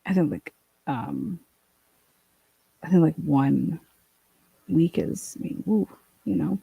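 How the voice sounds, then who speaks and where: A woman's voice: sits low, slow, gravelly, slightly rough, dry recording, dull audio. A woman hosting a casual livestream, chatting and reading out viewer comments, swearing and laughing often. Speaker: livestream host reading chat.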